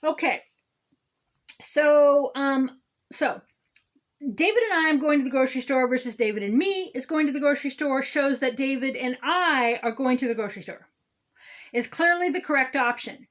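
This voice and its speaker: A woman's voice: sits high, moderate pace, lightly acted. A woman playing a smug, condescending male city councilman who lectures on grammar in a satirical comedy monologue. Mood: smug lecturing. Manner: condescending, lecturing, repeats "okay?".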